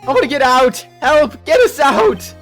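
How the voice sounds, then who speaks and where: A man's voice: very high-pitched, sing-song, drawn-out words, soft background music, pitched above the performer's own voice, heavily acted. A man voicing a panicked man trapped without air in a video game, frantic and screaming.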